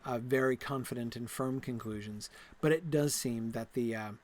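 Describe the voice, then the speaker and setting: A man's voice: mid-range voice, normal speed. A man hosting a stream, giving a casual, digressive lecture while playing a game, full of fillers and restarts. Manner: enthusiastic, laughs at himself. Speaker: host.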